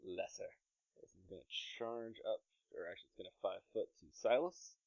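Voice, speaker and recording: Low-voiced man running a tabletop game. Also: a little mellow, dry recording. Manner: playful, narrating combat with quick asides. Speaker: game master. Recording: dry, slightly dull podcast mic.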